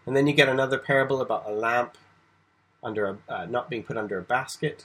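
Male Bible teacher, husky voice, loose conversational lecture. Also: medium pitch, fast, a bit bright, poor audio. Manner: conversational, with frequent restarts and asides.

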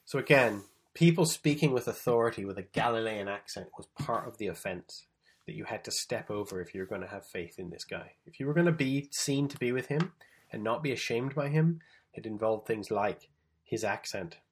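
A preacher gives a Bible teaching talk from the Gospels, explaining the text and reading passages aloud with emphasis. His voice is on the low side, expressive and brisk, with a breathy edge.

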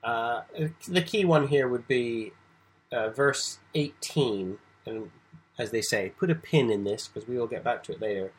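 Husky-voiced man teaching scripture. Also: medium pitch, a little slow, low-quality recording. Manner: conversational, with frequent restarts and asides. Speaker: Bible teacher. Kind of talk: informal Bible lecture.

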